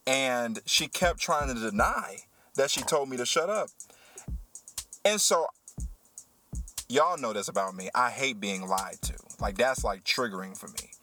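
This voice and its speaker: A man who works as a teacher, hosting a casual podcast chat and telling a story with animated, heated energy. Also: medium pitch, normal speed, few pauses, faint music behind. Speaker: podcast host.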